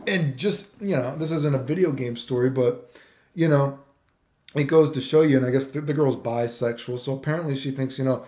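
A man's voice: mid-range voice, a little mellow. Profane, ranting man in an echoey room. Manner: profane, repetitive, says "dude" constantly. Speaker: vlogger. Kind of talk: casual rant. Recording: roomy echo.

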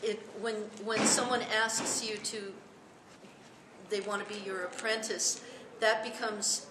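A woman's voice: mid-range voice, fairly even intonation, unhurried. A woman speaking on a convention panel as a comic artist, explaining in a matter-of-fact way. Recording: echoey room with loud noise.

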